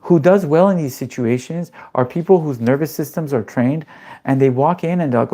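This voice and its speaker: A man coaching nervous system calm in a live-streamed class, talking emphatically and bluntly with casual swearing, and throwing questions out to his audience. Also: a little high, moderate pace.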